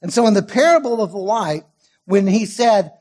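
A man preaching a sermon as pastor, emphatic, swinging from loud stressed lines to quiet asides and drawing out key words slowly. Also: high-pitched, animated.

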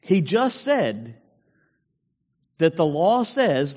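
A male pastor delivers a sermon in a fairly high voice with a lively, up-and-down style at a moderate pace. He poses rhetorical questions to the congregation in a chatty tone, and a long hall reverb trails his voice.

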